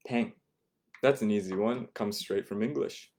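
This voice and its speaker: A man's voice: lowish voice, normal speed, vocal fry, mellow. A man teaching an online Japanese vocabulary lesson from home, patiently repeating each word for his students. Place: home, not a classroom.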